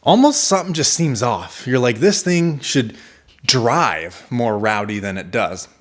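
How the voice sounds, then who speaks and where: A brash young man hosting a car vlog, talking casually with slang and swearing, sometimes mocking commenters in a raised whiny voice. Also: mid-range voice. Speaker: car channel host. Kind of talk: casual garage vlog talk.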